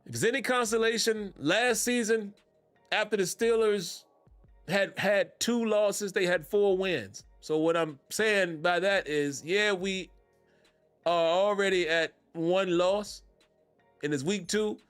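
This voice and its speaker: Speaking slowly in a high, somewhat bright voice, a man hosts a sports fan podcast in an easygoing way, full of relaxed Southern-flavored slang and frequent laughter. The sound is clean with no echo, and faint music plays in the background.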